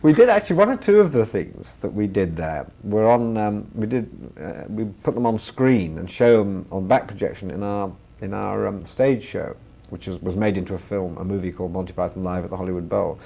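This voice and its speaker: A man's voice: on the low side, expressive, a little fast, vocal fry, hardly any pauses, mellow. A man, a comedian and filmmaker chatting in an interview and laughing through his stories. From England. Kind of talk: interview anecdotes.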